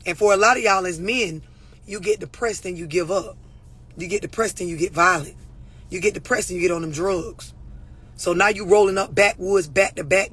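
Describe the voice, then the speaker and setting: Blunt, husky-voiced woman coach. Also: mid-range voice, a bit bright. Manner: blunt, profane, preachy, addressing viewers directly. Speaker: relationship and mental health coach. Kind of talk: unscripted talk to camera.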